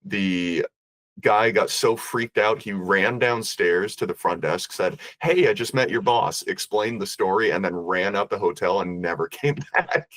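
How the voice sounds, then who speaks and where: A man telling a ghost story as a podcast guest, animated and acting out the voices of the people in it. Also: deep voice, measured pace, dry recording.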